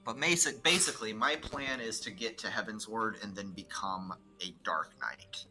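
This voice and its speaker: Chatty man, gaming banter, bright edgy voice, faint music behind. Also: fairly low pitch, normal speed. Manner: chatty, lots of filler words. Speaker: co-player. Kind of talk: casual gaming chat.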